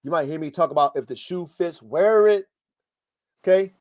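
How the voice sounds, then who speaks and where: High-voiced man ranting like a coach. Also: moderate pace, darkish tone. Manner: blunt, profane, fired-up coaching talk. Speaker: host and dog-breeding coach. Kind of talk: live podcast rant. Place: home studio, live stream.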